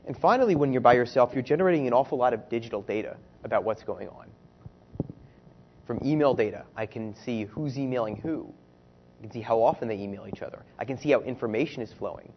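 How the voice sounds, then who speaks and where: A man with a slightly husky voice talks through his research as if presenting on stage. He speaks conversationally and keeps tossing rhetorical questions to the room. The audio sounds a little dull and lo-fi. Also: medium pitch. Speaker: researcher giving a talk. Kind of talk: conference-style presentation.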